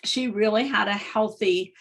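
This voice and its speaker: A woman's voice: mid-range voice, a little slow, a bit bright. A woman hosting an interview, talking earnestly about life and letting go in a casual, conversational way. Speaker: host.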